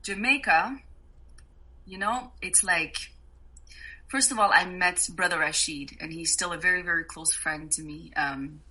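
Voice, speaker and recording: A woman guest on a podcast, telling travel stories in a casual, animated way and laughing often. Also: on the low side, unhurried, rough recording. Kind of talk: casual storytelling.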